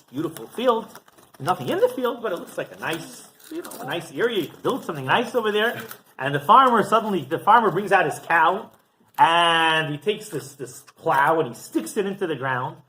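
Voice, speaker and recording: A man's voice: on the high side, a little hiss or hum, low-quality recording. A male rabbi giving a Torah class, telling stories animatedly and often checking in with "right?". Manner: animated storytelling with frequent "right?".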